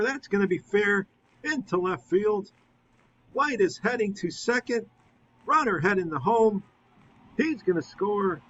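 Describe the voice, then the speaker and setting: A man calling play-by-play of a simulated baseball game, rising with excitement on big hits and chatting through a recap. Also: high voice, lo-fi sound, a little hiss or hum.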